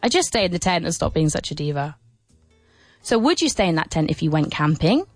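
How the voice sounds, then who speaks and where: A woman's voice: low-pitched, fairly quick, no room sound, soft background music. A woman presenting a radio English lesson, playful and full of laughs, with exaggerated sing-song intonation on her questions. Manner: lively, playful, with many laughs. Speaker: English teacher and radio host. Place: radio studio.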